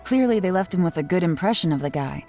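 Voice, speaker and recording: A shrewd young traveler. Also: female voice, lowish voice, soft background music. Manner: measured, playfully formal when flattering. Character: calm young female traveler, shrewd and polite. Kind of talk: video game dialogue.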